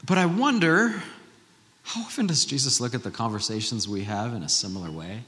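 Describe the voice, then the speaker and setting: A man in his thirties delivering a church sermon in a bright, forceful voice. He talks in a loose, conversational way and throws rhetorical questions at the congregation. The sound carries a long reverb from the church hall. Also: medium pitch, expressive, a little fast. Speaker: pastor.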